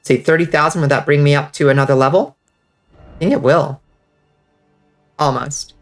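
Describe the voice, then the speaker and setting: Congested guy streaming, kinda high voice, swears a lot, faint music behind. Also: moderate pace. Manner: excitable, swears freely, reads out chat. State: congested, stuffy nose. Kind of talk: casual gaming commentary.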